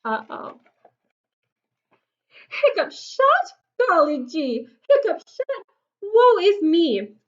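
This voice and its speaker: A woman's voice: high-pitched, very animated, slow, a bit bright, dull audio, heavily acted. A woman voicing a fussy father bear who hiccups through his rhyming lines, for a storybook read-aloud. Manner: hiccups in sing-song rhyme.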